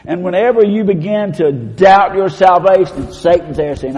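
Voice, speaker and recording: A man preaching a sermon, swinging between loud emphatic proclaiming and hushed low tones and leading the congregation in call-and-response. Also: normal speed, hardly any pauses. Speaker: pastor. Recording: long hall reverb.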